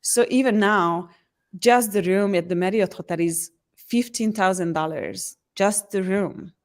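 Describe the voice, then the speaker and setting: A woman's voice: mid-range voice, unhurried. A woman, an empowerment coach answering interview questions in an earnest way, often restarting her sentences. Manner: earnest, frequent restarts, lively acted quotes.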